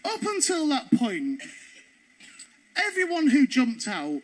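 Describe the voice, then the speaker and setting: Male stand-up, very high lively voice, cheeky and profane, noisy stage recording. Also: takes it slowly. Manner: animated, cheeky, swears freely. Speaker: stand-up comedian. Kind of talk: stand-up storytelling.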